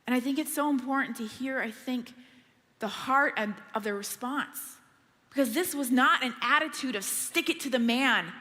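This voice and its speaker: A middle-aged woman preaching a sermon in a church, telling stories in a lively, conversational way. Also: on the high side, measured pace, big-room sound. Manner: animated, conversational storytelling.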